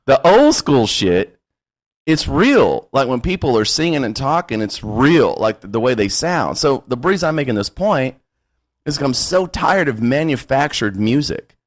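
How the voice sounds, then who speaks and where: A man's voice: mid-range voice, sing-song, normal speed. Male podcast host, casual rant, salty language, laughs as he talks. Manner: blunt, profane, laughing rants. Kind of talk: casual chat.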